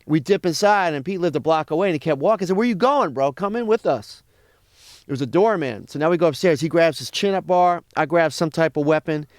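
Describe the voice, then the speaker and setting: A man's voice: fairly high pitch, fast, hardly any pauses, no echo, clean studio sound. A man, a comedian guest telling a profane story in casual chat and acting out what others said. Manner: animated, profane, acts out other people's lines.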